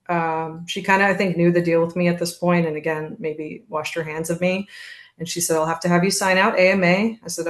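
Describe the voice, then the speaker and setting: A woman as a podcast guest, telling her birth story in a candid, steady way and acting out what others said. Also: fairly low pitch, brisk, roomy sound. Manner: candid, steady narration with reenacted quotes. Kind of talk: conversational storytelling.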